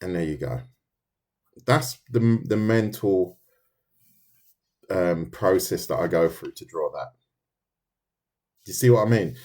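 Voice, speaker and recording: A man's voice: low voice, lively intonation, takes it slowly, pauses often, a little mellow. A man with a London accent, chatting casually on a live stream as he draws, reading and answering viewer comments, thinking aloud with loose restarts. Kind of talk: casual live-stream chat while drawing.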